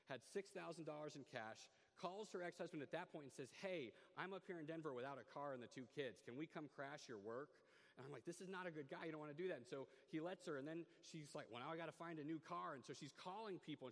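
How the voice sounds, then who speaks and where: A young man telling a personal story in an animated way, stumbling over restarts and repeated words. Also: on the high side. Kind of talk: personal story told to an audience. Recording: long hall reverb.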